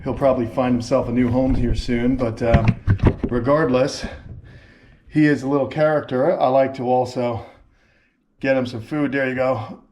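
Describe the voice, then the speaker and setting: A man of medium pitch and slightly mellow tone hosts a laid-back vlog from a turtle and tortoise sanctuary, speaking at a normal speed with fairly even intonation. Recorded on an indoor camera mic, he talks with enthusiasm to the viewers and the animals alike.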